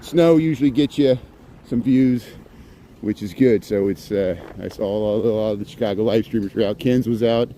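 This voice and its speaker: A man's voice: on the low side, moderate pace, dark tone, a little hiss or hum. A middle-aged man live-streaming as he walks outdoors, chatting in a rambling way and greeting viewers by name. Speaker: live-streaming walking vlogger. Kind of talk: casual live-stream chat. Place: outdoors on a snowy city street. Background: faint street ambience and passing vehicles.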